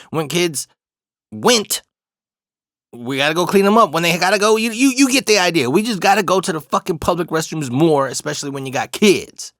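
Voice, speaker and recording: A man's voice: fairly high pitch, gravelly, a bit bright, no room sound, clean studio sound. A young man telling a rambling, profane restroom story in a casual storytime monologue, laughing as he goes. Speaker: vlogger.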